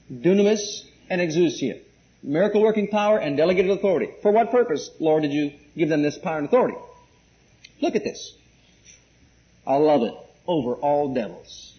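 A man preaching an emphatic sermon, asking the congregation questions and repeating key words. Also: high-pitched. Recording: muffled lo-fi recording.

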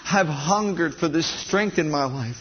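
A preacher doing a whiny, worn-out churchgoer who pleads for help, his voice pitched high above his own and breathy at the edges. He moans his complaints in a dull lo-fi recording. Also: unhurried. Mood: whiny pleading. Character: whiny, spiritually weak male churchgoer.

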